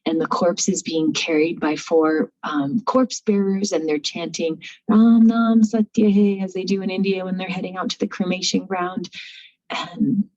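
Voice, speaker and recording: A woman telling a story aloud in an informal, animated way with frequent fillers. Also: on the low side, moderate pace, muffled recording. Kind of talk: spoken storytelling.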